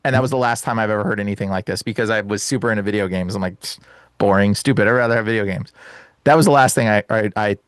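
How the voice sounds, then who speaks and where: A young man recounts a personal story in a lively, rushed way, his voice jumping up whenever he quotes himself, and he breaks into laughter between lines. The sound is dry and close, with no room in it. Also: fairly low pitch, clean tone, no echo. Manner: animated, laughs often, says "bro" and "dude". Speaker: guest. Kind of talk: excited storytelling.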